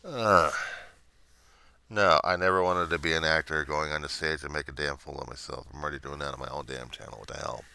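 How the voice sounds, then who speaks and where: A low-pitched man rants to camera in a rambling, sardonic way, sounding gloomy. His voice is forceful and bright in tone, recorded close and dry. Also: steady tone, fairly quick, vocal fry, clean tone, no room sound. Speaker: vlogger. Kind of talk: casual rant to camera.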